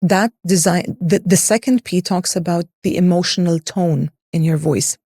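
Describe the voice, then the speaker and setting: A woman speaks as a voice coach in an interview, guiding the listener step by step with lists and rhetorical questions. Her voice is mellow and fairly low, and the sound is dry and close. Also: fairly even intonation, normal speed, no echo. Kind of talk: expert explaining in an interview.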